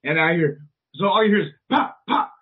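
Rambling, cussing dad with a husky voice. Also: male voice, high-pitched, lively intonation, a little fast. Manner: rambling, profane, lots of fillers. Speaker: podcast co-host. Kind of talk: casual storytelling chat. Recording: tinny, phone-like sound.

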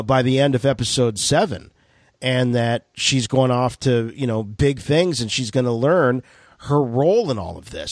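A man hosting a call-in radio podcast, talking in a rambling, animated way. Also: medium pitch, no room sound, clean studio sound. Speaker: podcast host. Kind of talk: casual call-in show chat.

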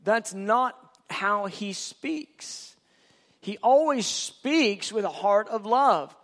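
A man delivers a sermon in a notably high voice. He speaks earnestly and plainly, like a pastor talking with his congregation. He often trips over and restarts his sentences. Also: expressive, drawn-out words, fairly bright tone. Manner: earnest, conversational preaching with restarts.

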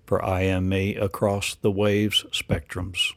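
Low-voiced guy chanting out spiritual declarations, slow and repetitive, dry close sound. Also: level tone, vocal fry, no echo. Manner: incantatory, repetitive declarations and rhetorical questions. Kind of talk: rambling spiritual monologue.

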